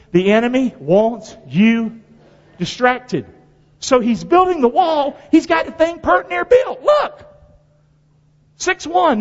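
A male pastor preaching a sermon in a folksy call-and-response style, his delivery swinging from loud to hushed. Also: high voice. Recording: dull sound with long hall reverb.

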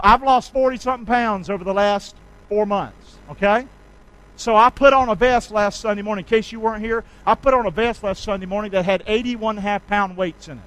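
A male pastor preaching a sermon, leading his congregation in call-and-response and swinging from shouts to quiet asides. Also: high-pitched, low-quality recording. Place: church sanctuary.

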